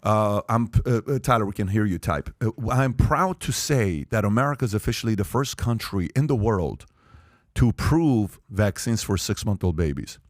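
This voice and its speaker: A man's voice: fairly low pitch, expressive, moderate pace, no room sound, clean studio sound. Emphatic man hosting a podcast. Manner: emphatic, rhetorical questions to the panel. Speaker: podcast host. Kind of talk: animated podcast talk.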